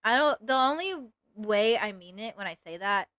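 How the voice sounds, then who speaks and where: A woman's voice: mid-range voice, lively intonation, normal speed, fairly bright tone, dry recording, studio quality. A young woman streamer chatting casually with her viewers while she draws, giggly and self-mocking. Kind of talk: casual live-stream chat while drawing.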